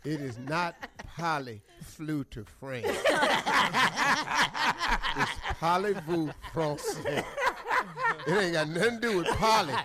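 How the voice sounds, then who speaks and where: A man's voice: fairly high pitch, expressive, slow, pauses often, heavy background noise. A man co-hosting a radio show, teasing and mock-scolding in comedic banter.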